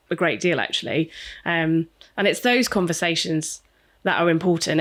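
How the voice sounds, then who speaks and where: A woman with a slightly low voice chats casually as a podcast co-host. She tells stories with animation and often slips into the voices of the people she quotes. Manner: animated, acts out quoted exchanges. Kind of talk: casual chat.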